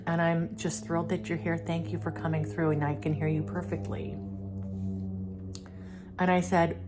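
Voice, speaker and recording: Brief: casual, talkative woman host with a low voice, relaxed spiritual chat. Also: measured pace, pauses often. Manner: chatty, filler-heavy, laughs often. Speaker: spiritual channeler and vlog host.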